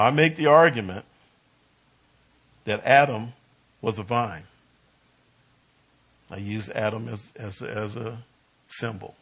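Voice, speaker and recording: Man, bible study teacher, mid-pitched voice, halting delivery, stresses key words. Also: a bit bright. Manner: halting, with fillers and restarts, rising with emphasis on key words.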